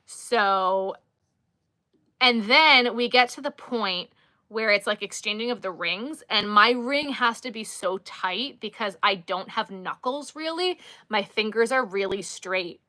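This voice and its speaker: A young woman from New York, chatting casually with her live viewers, sassy and quick to laugh, talking to her dog in between. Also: mid-range voice, expressive, pushed and bright, no room sound. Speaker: livestream host.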